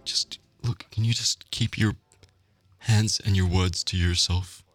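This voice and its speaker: A man in a whispered role-play, talking in a hushed, flustered, pleading way. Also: sits low, fairly even intonation, unhurried, faint music behind.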